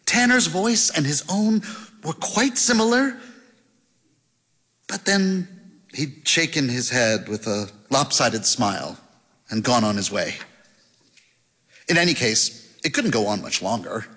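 A man narrating an audiobook with a lively, expressive delivery. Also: mid-range voice, slow pace, pauses often. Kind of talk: scripted narration. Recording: long hall reverb.

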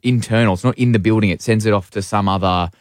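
A man's voice: fairly low pitch, fairly even intonation, fast, no echo, clean studio sound. Young man telling a story. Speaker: guest, play director. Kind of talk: casual radio chat.

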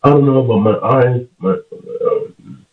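A sick man calling in to a radio show, stuffy-nosed and losing his voice, speaking haltingly with pauses. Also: mid-range voice, wildly swooping pitch. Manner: halting, many pauses and fillers. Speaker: regular caller. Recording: distant tinny phone line.

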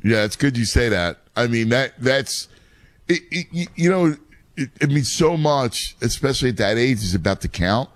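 A man's voice: medium pitch, lively intonation, moderate pace, dry recording. A man, a youth baseball coach and father, talking casually and explaining game strategy with many restarts. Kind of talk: casual chat.

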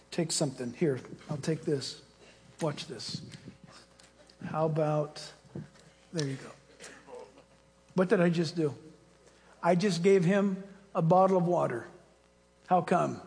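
A male pastor preaching a sermon in a church, in an energetic, folksy, conversational way that keeps appealing directly to his listeners. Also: on the high side. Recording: reverberant hall.

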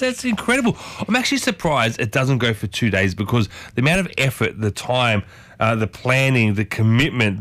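A man's voice: mid-range voice, fairly bright tone, no echo. A man hosting a radio show in a chatty, enthusiastic way, talking to the listeners directly. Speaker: radio host. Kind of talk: casual radio chat.

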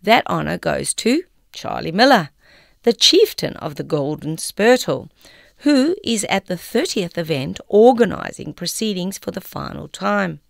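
Older woman, from Australia, reading a review, wry, lowish gravelly voice. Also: big pitch swings, a little slow, no echo, studio quality. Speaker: co-presenter reading an article. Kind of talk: reading a film review aloud.

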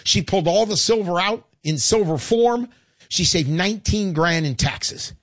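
Older male radio host, high and animated, chatty and emphatic, dry close sound. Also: normal speed, no echo. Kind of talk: call-in radio talk.

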